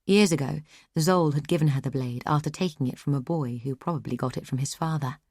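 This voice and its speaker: Woman narrator for fantasy audiobook; low, measured, dry studio read. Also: a little mellow, dry recording. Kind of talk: scripted narration.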